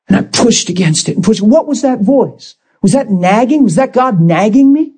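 A man preaching a sermon as a pastor, moving between calm talk and emotional shouting. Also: high voice, a little fast, few pauses, slightly rough.

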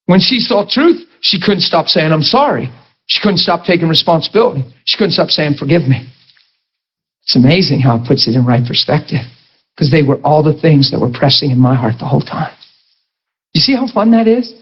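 A male pastor preaching a sermon, animated and emphatic, breaking into shouts, in a dull lo-fi recording. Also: a little high, fairly quick, slightly rough.

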